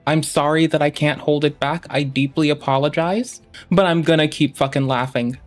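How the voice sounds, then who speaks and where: A man's voice: on the high side, fairly even intonation, normal speed. Man with light music behind, unapologetic. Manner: laughing, unapologetic, swears. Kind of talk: reaction commentary.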